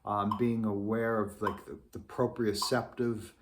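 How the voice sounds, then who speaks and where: A man teaching a trombone lesson, speaking thoughtfully with many pauses and ums. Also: fairly low pitch, flat delivery, slight background noise. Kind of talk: instructional lesson.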